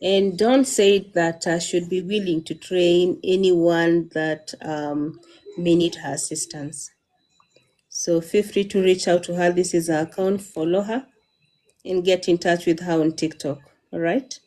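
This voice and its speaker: Lively woman live-stream host. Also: lowish voice, a little slow. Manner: lively, encouraging, prompting questions. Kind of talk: casual live-stream interview.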